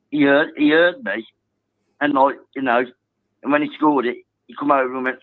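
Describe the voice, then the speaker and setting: A man calling a football phone-in, telling a story excitedly and swearing now and then. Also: mid-range voice, brisk, no echo. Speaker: caller. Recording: tinny phone line.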